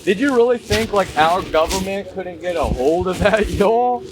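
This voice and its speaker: A man's voice: high voice, expressive, moderate pace. A man giving a casual commentary, emphatic and repetitive, ranting conspiratorially and calling his viewers y'all. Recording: noisy background.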